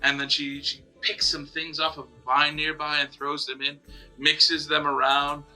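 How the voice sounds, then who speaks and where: A man narrating as game master of a tabletop game, animated and often restarting phrases, with faint music behind. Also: fairly high pitch, a little slow, low-quality recording.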